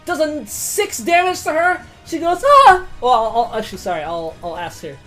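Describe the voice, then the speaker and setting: A woman running a tabletop game as game master, excitable and swearing, swinging from quiet to loud. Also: on the high side, moderate pace, soft background music.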